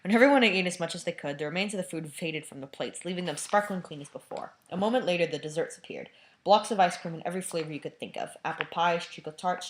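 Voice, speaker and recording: A woman's voice: fairly low pitch, a little hiss or hum. A woman reading a novel aloud with casual, laughing asides. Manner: laughs often, casual commentary. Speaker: amateur reader.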